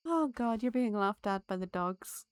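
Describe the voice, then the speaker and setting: A woman's voice: mid-range voice, animated, normal speed, clean tone. A woman live-streaming a game, chatting to her viewers and laughing often. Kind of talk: live gameplay streaming chat.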